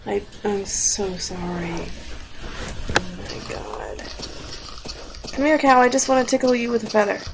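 A young woman rambles and jokes her way through a game at home, her voice sitting at an ordinary middle pitch. She giggles often and hops from thought to thought. The recording carries a clear layer of background noise. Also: unhurried, pauses often. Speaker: gaming video host. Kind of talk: casual gameplay commentary. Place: home room.

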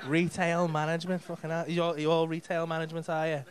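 A man's voice: fairly high pitch, completely flat delivery, fast, background noise. A male stand-up comedian, doing sweary, mock-exasperated crowd work on a comedy club stage.

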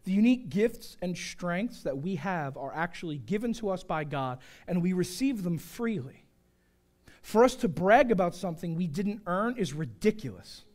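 A male pastor delivering a joking, animated sermon, swinging from shouts to hushed asides. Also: high-pitched, normal speed. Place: church sanctuary.

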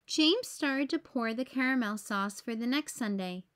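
A woman reading a children's picture book aloud as a teacher, in a gentle storytelling manner for young kids. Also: on the high side, expressive, moderate pace.

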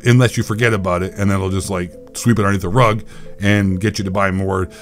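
A man's voice: sits low, steady tone, fast, soft background music. A man hosting a gaming channel, delivering a sarcastic and provocative rant. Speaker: gaming commentator. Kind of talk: ranting video commentary.

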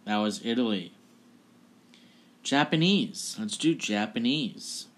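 A man's voice: mid-range voice, expressive, slow. A man hosting a casual video, chatty and offhand as he introduces each clip. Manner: chatty and offhand, laughing at the results. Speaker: video host. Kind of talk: casual vlog presenting.

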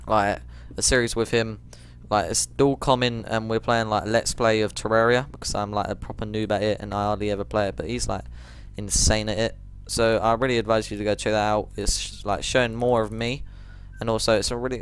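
A man giving rambling let's play commentary, jumpy and quick to shriek when startled. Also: on the low side, clean tone.

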